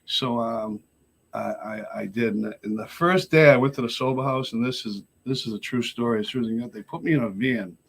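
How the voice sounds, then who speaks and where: A man, talking as a podcast guest in a rapid, rolling rush. His voice sits at an ordinary middle pitch. He tells his stories with lots of animation, acting out the people in them and swearing freely. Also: vocal fry, a bit bright, slightly rough. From Lowell, Massachusetts. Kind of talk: casual storytelling.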